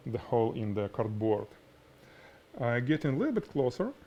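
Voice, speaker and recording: Russian-accent guy teaching photo lighting live, mid pitch, animated, demo style. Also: moderate pace, highs cut off, a little hiss or hum. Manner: animated, explains by demonstrating, laughs at himself. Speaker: photography instructor. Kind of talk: live-stream photography lesson.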